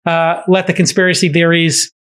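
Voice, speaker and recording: A man hosting a podcast in casual chat, telling stories in an animated way and laughing often. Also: a little high, moderate pace, clear, resonant tone. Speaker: podcast host.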